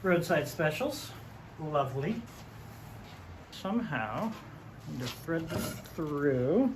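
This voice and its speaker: Diy host chatting away while building stuff, voice bouncing up and down a lot, noisy shop. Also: medium pitch. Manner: chatty, jokey, thinks aloud while working. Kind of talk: casual workshop how-to chat. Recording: noisy workshop recording.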